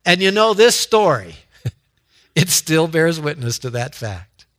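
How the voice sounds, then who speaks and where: A male pastor preaches slowly in a bright, slightly high voice. He tells the story with casual asides and halting restarts. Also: big pitch swings. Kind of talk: sermon.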